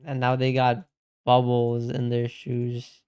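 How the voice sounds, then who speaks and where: A man's voice: mid-range voice, completely flat delivery, takes it slowly, darkish tone, smooth. A young man streaming games, chatting casually with his chat and reading messages aloud, laid-back and saying "bro" a lot. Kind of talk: casual live-stream chat while gaming.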